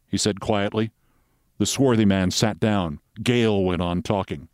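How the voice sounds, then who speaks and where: A man's voice: fairly low pitch, normal speed, a little mellow, no room sound. A male host with a dry, theatrical, emphatic manner, reading a story aloud and signing off. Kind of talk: dramatic story reading and sign-off.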